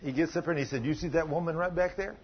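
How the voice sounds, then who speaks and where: A man preaching a sermon, telling a story and acting out the voices in it, with sudden loud bursts. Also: on the high side, racing, breathy edge. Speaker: pastor. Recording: muffled lo-fi sound.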